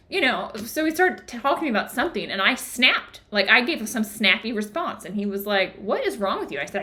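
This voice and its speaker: Young adult woman, book club host, chatty storyteller with a bright, lively voice. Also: on the high side. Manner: chatty storytelling, many "like" fillers. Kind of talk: casual book discussion.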